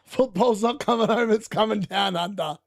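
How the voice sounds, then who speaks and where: A man hosting a casual live football watchalong, excitable and shouting when goals go in. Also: sits high, normal speed, no echo, clean studio sound. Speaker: watchalong host. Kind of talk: casual live match commentary.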